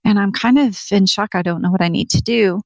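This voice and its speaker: A woman's voice: medium pitch, fairly quick, dry recording. A middle-aged woman telling a personal story in an interview, earnest, acting out what people said. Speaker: interview guest.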